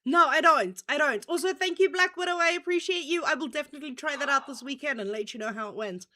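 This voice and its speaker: Bright, high-pitched blunt woman. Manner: blunt, profane, quick to agree. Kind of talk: casual chat.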